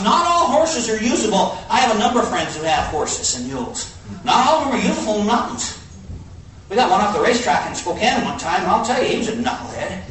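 A man preaching a sermon, telling a folksy story in an animated way and swinging between quiet low asides and high exclaims. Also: fairly quick. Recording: echoey hall from far off, faint hiss.

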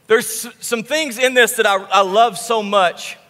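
A male pastor preaching a sermon, telling the story with animated, emphatic repetition. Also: sits high, unhurried, in a large hall. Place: church sanctuary.

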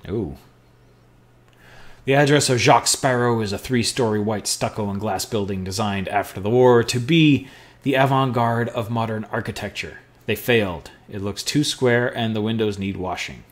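A man's voice: fairly low pitch, normal speed. A male podcast host playing an adventure game, making offhand, wry comments and reading the game narration aloud. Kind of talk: casual let's-play commentary and reading game text aloud.

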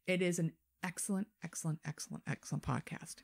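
A woman co-hosting a podcast, telling a true-crime story in casual chat, animated and swearing freely. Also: on the low side, quick pace, gravelly, breathy edge. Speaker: podcast co-host.

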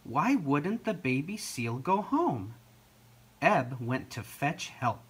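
Slow, lively storybook reader. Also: medium pitch, slightly rough. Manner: slow, expressive read-aloud with lively intonation. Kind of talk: reading a picture book aloud for children.

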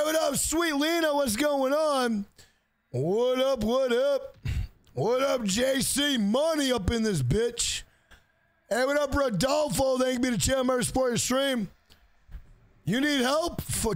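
Guy streaming a horror game, really high voice for a man, bouncy pitch, loud and sweary, shouts out his chat. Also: lively intonation, a little slow, no echo. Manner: loud, profane, joking, greets chat by name; improvises shouted rhyming bits.

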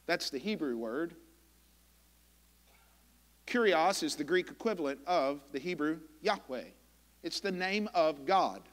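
A man preaching a sermon as pastor, impassioned and emphatic, with dramatic pauses. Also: on the high side, in a large hall. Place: church sanctuary.

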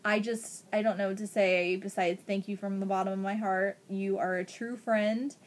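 A woman from Ohio in a casual unboxing vlog, gushing with excitement, gasping and thanking a friend over each gift. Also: mid-range voice, normal speed. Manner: gushing, excited, frequent gasps. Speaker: vlogger.

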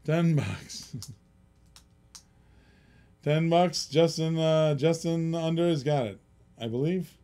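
A man's voice: fairly high pitch, slow pace, pauses often, dark tone. A middle-aged man hosting a live-stream auction in casual, rambling chatter, often chuckling and reading out bids.

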